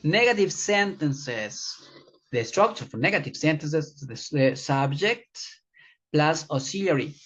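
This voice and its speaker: An English teacher walks through a grammar lesson at an unhurried, careful pace, repeating each example for the class. The sound is muffled and lo-fi. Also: medium pitch. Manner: repeats words slowly for learners, addresses class as guys. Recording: dull lo-fi recording.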